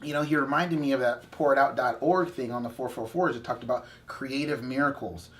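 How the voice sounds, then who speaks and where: A young man co-hosting a faith video channel, telling a story in casual chat with animated asides and self-corrections. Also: mid-range voice, a little fast, slight background noise.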